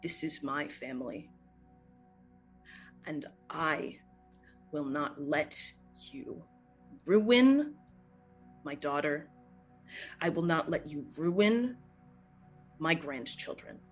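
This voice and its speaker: A cold, commanding old grandmother, as a game master puts her on, firm and scornful. She speaks slowly and deliberately, with faint music behind her. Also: medium pitch, rough recording.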